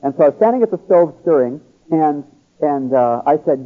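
A man's voice: a little high, expressive, brisk, husky. A man giving a conversational sermon, often checking in with his listeners by asking "See?" and "Okay?". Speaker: pastor. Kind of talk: sermon teaching. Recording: tinny phone-like radio broadcast.

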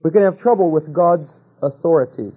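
A man's voice: on the high side, a little fast, slightly rough. Preacher man on a tinny lo-fi recording. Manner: storytelling, asks rhetorical questions, drops to a hush for quoted voices. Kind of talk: sermon.

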